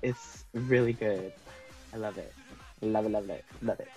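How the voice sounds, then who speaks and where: A woman's voice: very deep voice, fairly even intonation, measured pace, mellow, breathy edge, soft background music, rough recording. A young woman chatting casually as a fan podcast co-host, bubbly and gushing with frequent giggles.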